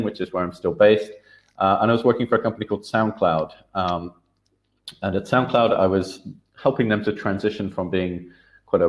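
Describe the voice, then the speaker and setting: Deep-voiced man giving an online workshop. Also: muffled recording. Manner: relaxed, many filler uhs and restarts. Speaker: workshop speaker. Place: online video call.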